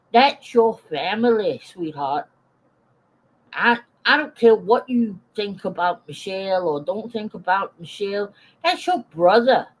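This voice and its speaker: A woman's voice: medium pitch, rough recording. A woman in her forties holds forth on a casual live stream. She is blunt and swears freely, breaking off now and then to greet viewers in the chat by name. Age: 40s.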